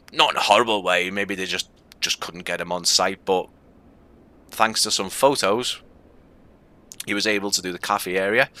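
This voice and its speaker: A man's voice: low-pitched, sharp tone. A man with a Scouse accent giving casual, rambling commentary on a live game stream, with frequent fillers.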